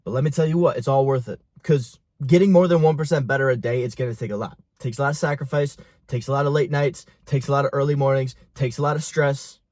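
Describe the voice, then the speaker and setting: A young man in a small, dry room talks straight at the listener like a coach pushing a client. His mid-pitched voice is blunt and full of swearing, and he urges change hard and without letting up. It is a close, dead recording with no room sound around it. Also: steady tone, quick pace, hardly any pauses, a little mellow, no echo. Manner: intense, profane, pushy motivational talk. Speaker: fitness and business coach. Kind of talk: motivational talk to camera.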